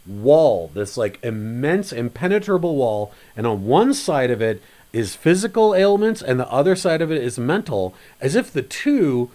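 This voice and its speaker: A man co-hosting a casual film podcast, talking in an animated, rambling way and acting out quotes. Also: moderate pace, hardly any pauses. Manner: animated, acts out quotes with big pitch swings; rambling, repeats words. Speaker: podcast co-host.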